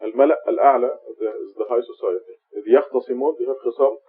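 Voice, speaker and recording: A man's voice: mid-range voice, slightly rough. A man leading an informal religious study, quoting dialogue with many fillers and frequent laughs. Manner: laughs often, quotes dialogue, halting with fillers. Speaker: teacher leading a Quran study. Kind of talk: informal religious teaching talk. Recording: tinny lo-fi old recording.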